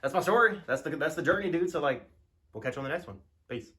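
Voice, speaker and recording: Male vlog host, quick casual storyteller, rambling slangy delivery. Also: lively intonation, pushed and bright, a little hiss or hum. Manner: loose, rambling, lots of fillers and slangy asides; acts out quoted people in higher voices. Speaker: woodworking channel host.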